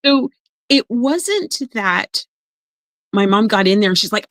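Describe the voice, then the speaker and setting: A woman who works as an emotional coach, talking in a casual podcast conversation and telling stories with lively acted-out voices. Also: medium pitch, measured pace, no echo. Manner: animated storyteller, acts out quoted voices.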